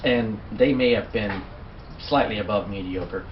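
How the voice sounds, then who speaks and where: A man's voice: fairly low pitch, a little slow, slight background noise. A man co-hosting a casual sports chat, joking and often trailing off mid-sentence. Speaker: co-host. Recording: distant, echoey, muffled home recording.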